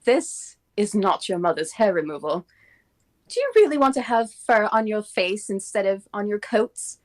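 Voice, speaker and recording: A woman improvising a salesy commercial pitch in a comedy scene over a video call. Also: sing-song, normal speed, darkish tone. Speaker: improv performer.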